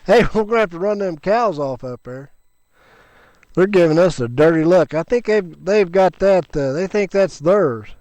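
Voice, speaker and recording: A man narrating his motorcycle trip in a folksy, rambling, relaxed way, outdoors on a rural mountain route, recorded on a helmet camera. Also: sits high, moderate pace, no room sound. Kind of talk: casual travel vlog narration.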